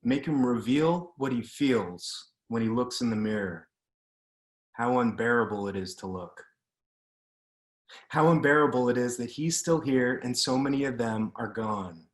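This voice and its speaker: Over what seems to be a video call, a mid-range male voice reads from his own writing at an even, measured pace, in the manner of an author's reading. The surrounding room gives the audio a clear echo.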